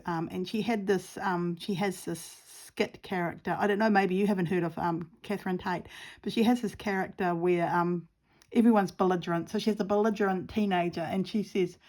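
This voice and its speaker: A woman's voice: mid-range voice, darkish tone. A woman chatting casually while crafting at home, rambling and giggly with plenty of fillers. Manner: rambling, giggly and self-deprecating, lots of fillers. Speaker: craft channel host.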